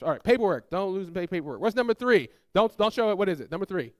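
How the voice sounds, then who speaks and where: A pastor tells family stories in a sermon, animatedly acting out the relatives' quotes in raised voices and asking the congregation to call out. He speaks fast in a high-pitched voice with few pauses, in a dry, studio-quality recording.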